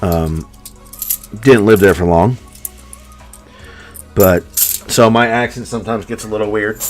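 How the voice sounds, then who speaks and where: Deep-voiced man chatting while sorting coins. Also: measured pace, soft background music. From born in Alabama, lived in Washington State. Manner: rambling, relaxed, filler-heavy asides. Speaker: coin roll hunting vlogger. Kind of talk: casual chat while searching coins.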